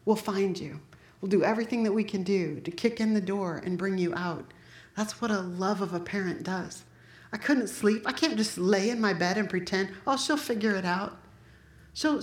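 A middle-aged woman preaching a sermon, telling family stories in a lively, animated way and acting out what people said. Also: mid-range voice, roomy sound. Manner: animated storyteller, acts out quotes. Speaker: pastor's wife preaching.

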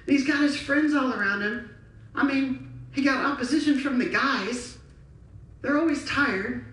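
A woman's voice: high voice, measured pace, fairly bright tone. A woman preaching a sermon, telling stories with passion and animation. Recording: echoey hall from far off.

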